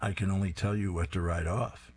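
Tiny wry muse woman, a man reading her, dry delivery, husky low voice. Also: steady tone, a little fast, soft background music.

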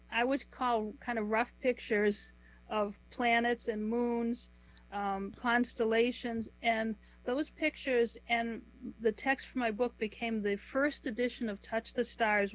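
A middle-aged woman author answering interview questions, explaining at a measured pace and slowing down to list things one by one. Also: a little high, low-quality recording. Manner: measured, explanatory, lists items slowly. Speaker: author and guest.

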